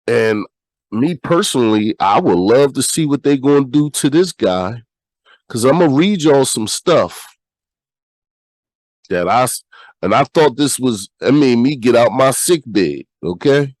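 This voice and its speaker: A sick American podcast host with a nasal, stuffy voice, talking bluntly and reading news aloud. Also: male voice, medium pitch, expressive, measured pace, a little mellow, no room sound, poor audio. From United States. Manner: blunt, repeats himself, swears freely.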